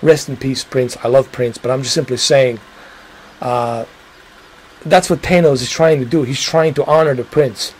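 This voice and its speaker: A man's voice: mid-range voice, fairly even intonation, moderate pace, a little mellow, husky, low-quality recording. A man hosting a livestream, chatting casually and rambling to his viewers, swearing now and then. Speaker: livestream host.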